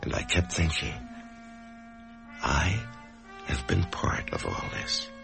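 A frightened office worker brooding on death in a vintage radio drama. His very low, gravelly voice swings widely and stumbles over words. Music plays clearly under him. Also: big pitch swings, takes it slowly, full character voice. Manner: hesitant, stammering. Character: anxious male office worker facing death. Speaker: narrator and lead character. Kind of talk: 1950s radio drama acting.

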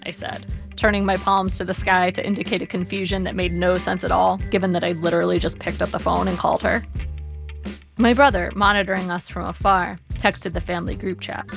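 A woman narrating her memoir in a measured, wry storytelling manner. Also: on the low side, little pitch movement, creaky, a bit bright. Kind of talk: memoir audiobook reading. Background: faint guitar music.

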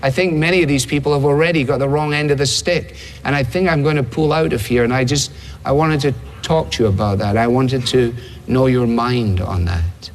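A man voicing Jesus praying earnestly to his Father, slow and halting. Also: medium pitch, slight background noise, natural voice. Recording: long hall reverb.

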